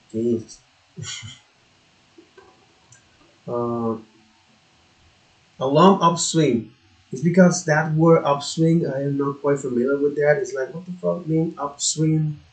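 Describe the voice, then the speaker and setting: A man who is not a native English speaker, studying out loud on his own, halting and repeating words, now and then swearing in frustration. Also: fairly high pitch. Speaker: self-taught learner. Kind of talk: thinking aloud while studying. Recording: echoey room.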